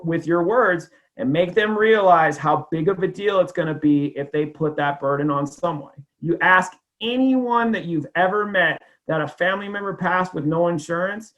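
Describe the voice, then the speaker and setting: High-voiced man coaching sales. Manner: conversational storytelling, many fillers. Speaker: insurance sales trainer. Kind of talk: casual training talk.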